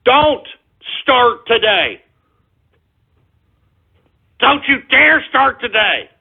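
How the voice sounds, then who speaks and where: A man hosting an internet radio talk show, ranting and cursing at trolls and breaking into shouts. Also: very high-pitched, very animated, very slow, creaky, husky. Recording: tinny phone-like lo-fi audio.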